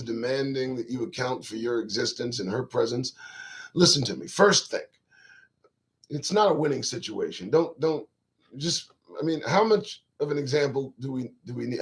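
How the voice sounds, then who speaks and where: A man's voice: medium pitch, a bit bright. A man hosting his own talk show, riffing in a casual live-stream monologue to viewers' chat, profane, rambling and emphatic.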